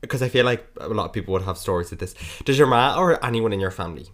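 A man's voice: on the low side, fast. A young Irish man co-hosting a podcast, telling a story in casual chat and quoting himself and others as he goes. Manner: animated storytelling, swearing, quotes himself. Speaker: podcast co-host.

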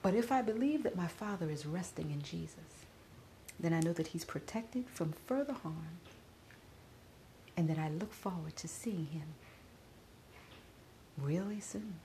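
A middle-aged woman podcaster giving a personal spoken reflection while grieving, often dropping to a soft whisper. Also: lowish voice, animated, a little slow, long pauses, a little hiss or hum.

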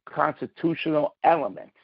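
A man's voice: on the high side, lively intonation, normal speed, creaky, slightly rough, no room sound, highs cut off. A man calling in to a political podcast, talking in a combative, emphatic way and stressing his words. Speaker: caller. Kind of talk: call-in political commentary.

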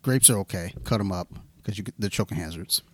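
A man hosting a casual podcast, telling a story with lively swearing. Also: low-pitched, quick pace, no echo. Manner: animated storyteller, swears freely. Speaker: podcast host.

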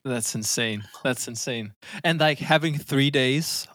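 A man's voice: medium pitch, a bit bright. A man hosting a podcast interview, reacting with sympathy to his guest's story. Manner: empathetic, quick reactions and laughs. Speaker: podcast host. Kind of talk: casual interview chat.

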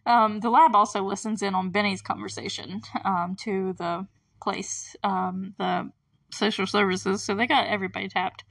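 A woman's voice: medium pitch, steady tone, moderate pace, gravelly, a bit bright. A woman hosts a podcast in a loose, conversational recap style. She talks in a mid-range voice, filling her sentences with "like" and "um" and breaking into laughter between remarks. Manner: chatty, filler-heavy, laughs between remarks. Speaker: podcast host. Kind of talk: casual TV episode recap.

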